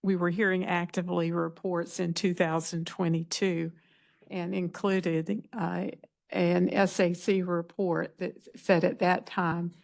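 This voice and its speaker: A woman commissioner asking questions at a public meeting, speaking deliberately and searching for words. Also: fairly low pitch, little pitch movement, gravelly, a little mellow. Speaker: commission member.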